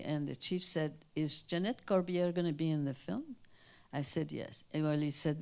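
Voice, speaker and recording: Low-voiced older woman telling stories. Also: gravelly. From Canada. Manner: animated, acts out quoted voices, trails off and restarts. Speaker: guest speaker. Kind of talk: anecdotal storytelling at a Q&A. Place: town hall in front of an audience.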